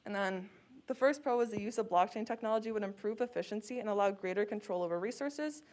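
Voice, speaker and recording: A woman's voice: medium pitch, fast talker, darkish tone. A young woman presenting at a student security conference, speaking casually with frequent fillers. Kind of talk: conference talk.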